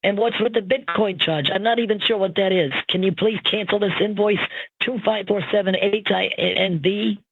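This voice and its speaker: A woman's voice: mid-range voice, steady tone, moderate pace, husky, dry recording. An AI voice playing a bewildered eighty-year-old woman on a tinny phone line. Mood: puzzled. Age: 80s. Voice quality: synthetic AI voice. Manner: polite but firmly questioning. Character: confused elderly woman, insistent and puzzled.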